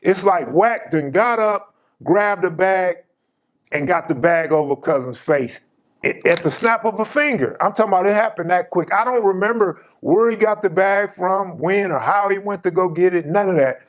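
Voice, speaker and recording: A man's voice: sits high, moderate pace. A man hosting his channel, casually telling a personal story in an emphatic, slang-heavy way.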